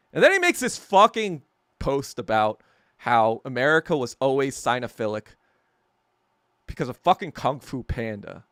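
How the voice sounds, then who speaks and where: Animated, profane male podcast host. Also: mid-range voice, moderate pace, no room sound, studio quality. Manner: profane, heated storytelling; sarcastic, laughing at himself. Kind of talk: casual rant.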